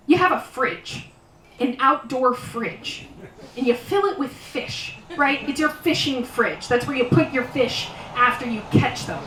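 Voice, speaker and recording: A woman performing a live stand-up routine, telling exaggerated comic stories with loud animal imitations, then introducing the next act as emcee. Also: high voice, lively intonation, slow. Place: small live venue on stage. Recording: roomy live venue, voice from far off.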